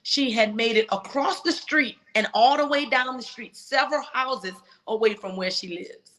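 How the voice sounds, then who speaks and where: Woman guest, higher and bright voice, heartfelt storytelling. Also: moderate pace. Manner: emotional, acts out quoted dialogue. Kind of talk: personal storytelling in a talk show.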